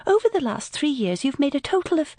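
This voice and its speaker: A woman narrator voicing a sharp, practical young woman who speaks with incredulous exasperation. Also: high-pitched, sing-song, fast, dry recording, clean studio sound, voice pushed up. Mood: exasperated.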